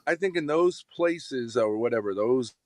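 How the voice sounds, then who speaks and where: A man's voice: mid-range voice, lively intonation, measured pace, a little mellow, no room sound. A man joining a live-stream panel as a guest, rambling as he lays out a theory. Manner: rambling, eager to lay out a theory.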